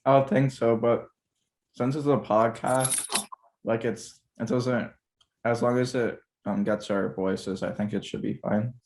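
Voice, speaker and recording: Guy hosting a podcast on a video call, gravelly creaky voice, rambly and unsure, keeps tripping on words. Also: mid-range voice, fairly even intonation, measured pace, darkish tone. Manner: hesitant and rambling, stumbling over words. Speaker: podcast host. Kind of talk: casual chat.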